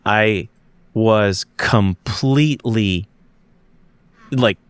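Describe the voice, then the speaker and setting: A man's voice: fairly low pitch, extremely slow, smooth. A man, a podcast guest and investigator, recounting a strange sighting in an emphatic way, often restarting and searching for words.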